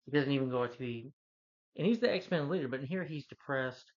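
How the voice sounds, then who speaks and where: A man's voice: medium pitch, lively intonation, a little fast. Rambling man reviewing a movie, lo-fi. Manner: rambling, restarts, hums the score and quotes lines.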